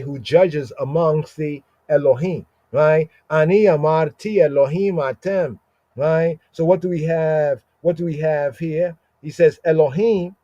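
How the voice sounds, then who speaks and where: A man teaching scripture on a podcast, explaining slowly, repeating words and often asking "right?". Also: fairly high pitch, mellow, dry recording, muffled recording. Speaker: Bible teacher.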